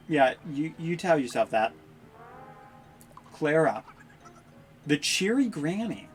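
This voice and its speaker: A woman's voice: low voice, sing-song, slow pace, long pauses, a little mellow, faint music behind. A woman streaming a video game, making wry, sarcastic asides as she plays. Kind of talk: casual game commentary.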